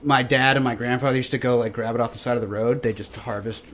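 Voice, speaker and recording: A man on a podcast, telling a story excitedly and leaning on fillers. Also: medium pitch, fast. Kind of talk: casual chat.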